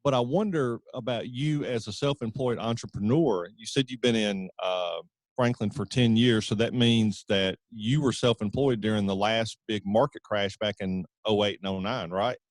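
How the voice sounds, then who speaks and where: Podcast host guy, lowish voice, friendly rambling, dry sound. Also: normal speed, dry recording. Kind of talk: casual interview talk.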